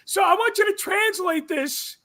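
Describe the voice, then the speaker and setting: Male podcast host, very high pitch, sharp bright tone, playful casual chat, quick to laugh. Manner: playful, quizzing, laughs often.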